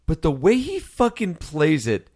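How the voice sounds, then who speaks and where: A man's voice: a little high, big pitch swings, a little slow, darkish tone. A man co-hosting a casual movie-review podcast, laughing and swearing as he banters. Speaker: podcast co-host.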